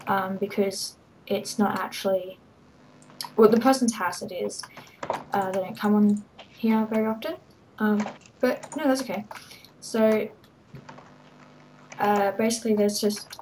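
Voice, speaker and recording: A woman's voice: medium pitch, a little mellow, a little hiss or hum, rough recording. A woman giving a rambling, hesitant walkthrough of her game server, full of ums and little laughs. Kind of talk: casual game walkthrough commentary.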